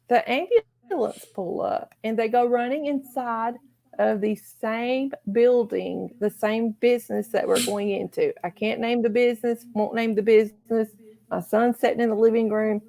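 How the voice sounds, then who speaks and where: A woman's voice: fairly high pitch, gravelly, warm tone. A middle-aged woman hosting a casual livestream, chatting and reading viewer comments aloud. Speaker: livestream host.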